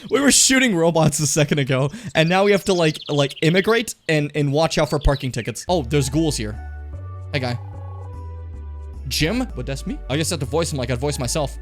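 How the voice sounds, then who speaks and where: A young man streaming a video game, joking and swearing, with sudden shouted outbursts. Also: fairly high pitch, lively intonation, a little fast, faint music behind. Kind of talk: casual live-stream commentary.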